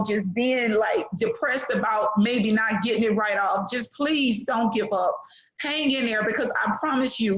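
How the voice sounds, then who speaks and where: A woman's voice: on the high side, poor audio. Heartfelt middle-aged woman on a call. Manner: heartfelt, preachy, many fillers. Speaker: webinar participant giving a testimonial. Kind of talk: emotional testimonial. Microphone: online call.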